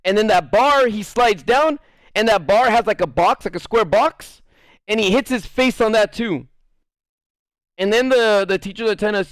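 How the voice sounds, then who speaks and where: Man, streamer, casual rambling storyteller, fairly high voice, frequent laughter, swearing, dry close sound. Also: normal speed, a bit bright, dry recording. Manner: rambling, laughs often, curses, many "like" fillers. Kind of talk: casual storytelling to a live chat.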